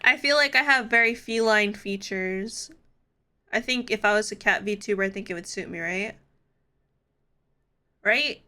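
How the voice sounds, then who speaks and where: A woman's voice: medium pitch, moderate pace, sharp tone, smooth. A woman live-streaming in casual chat, playful and giggly, swearing freely.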